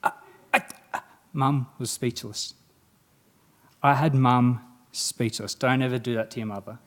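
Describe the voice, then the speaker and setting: A young man with a medium-pitched voice, speaking a little slowly, is the guest speaker at a graduation ceremony. His motivational speech is built on animated stories, with the dialogue acted out.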